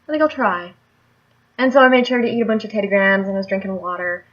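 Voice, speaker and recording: A woman's voice: medium pitch, rapid-fire, muffled recording. A young adult woman telling a story in a casual vlog, chatty and rambling, often laughing. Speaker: vlogger.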